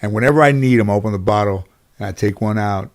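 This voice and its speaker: A man's voice: on the low side, fast. A man telling stories as an interview guest, rambling with many restarts and fillers and acting out other people's lines. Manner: lively storyteller who acts out other people's lines. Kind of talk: casual anecdotal storytelling.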